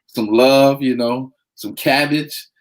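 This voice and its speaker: A man's voice: medium pitch, steady tone, slow, poor audio. A man with an ordinary mid-range voice co-hosts a casual talk show. He talks in a laid-back, easygoing way and peppers his talk with slang and catchphrases. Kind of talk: casual chat.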